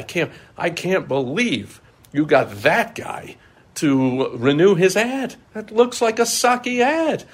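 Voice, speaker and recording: Middle-aged man, solo podcast host, mid-pitched voice, animated storyteller who acts out quoted voices. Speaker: marketing consultant.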